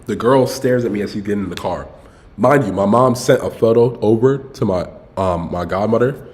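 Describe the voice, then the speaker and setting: A man's voice: fairly low pitch, moderate pace, a little mellow. Young man telling a slangy story on stream. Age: young adult. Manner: loose slangy storytelling with frequent swearing. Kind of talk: casual storytelling livestream.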